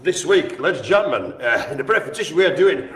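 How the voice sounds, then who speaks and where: A man hosting a live-streamed bingo game, jokey and chatty, calling out names and often addressing the audience as ladies and gentlemen. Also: a little high, lively intonation, brisk. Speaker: bingo host. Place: indoor room at a care home. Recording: roomy with faint ambience.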